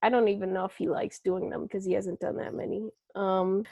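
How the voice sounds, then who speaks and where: A woman's voice: mid-range voice, little pitch movement, fairly quick, gravelly, dark tone, no room sound. A young woman co-hosting a casual chat, talking chattily with lots of fillers and frequent laughs.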